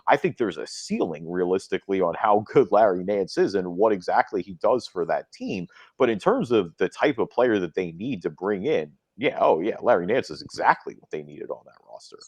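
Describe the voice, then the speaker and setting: A young man co-hosting a casual sports podcast, an animated storyteller who acts out quoted dialogue, recorded on a close, dry mic. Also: low-pitched, fairly quick, few pauses, slightly rough, no echo. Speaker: podcast co-host.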